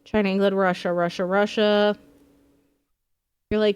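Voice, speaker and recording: A woman's voice: mid-range voice, animated, a little slow. A woman streaming a game live, chatting playfully and swearing freely as she thinks aloud. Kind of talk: casual live gameplay commentary.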